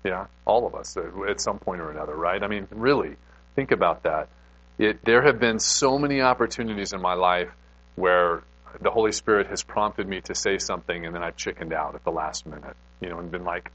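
A man's voice: low voice, brisk, fairly bright tone, highs cut off. A man preaching a casual, conversational sermon, telling a personal story with lots of restarts and self-deprecating asides. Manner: extrovert.

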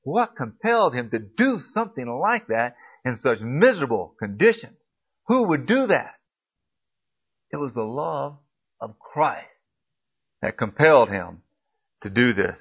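A man preaching a sermon, pressing his listeners with repeated emphatic questions and swinging from quiet, low asides to loud, rising appeals. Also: sing-song, a little slow, pauses often, slightly rough. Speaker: pastor. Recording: dull lo-fi recording.

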